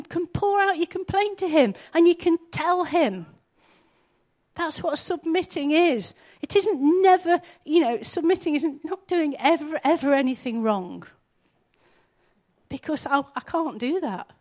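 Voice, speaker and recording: A woman's voice: sits high, expressive, a little slow. A woman, preaching a sermon in an earnest, conversational way, often asking her listeners questions.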